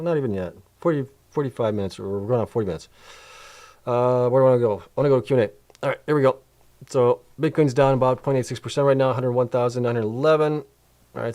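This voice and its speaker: A man's voice: medium pitch, a little mellow. Tired man rambling over spreadsheets. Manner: rambling, thinks aloud while clicking through spreadsheets. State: tired, yawning. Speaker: host of a crypto mining channel. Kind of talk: casual livestream commentary with Q&A.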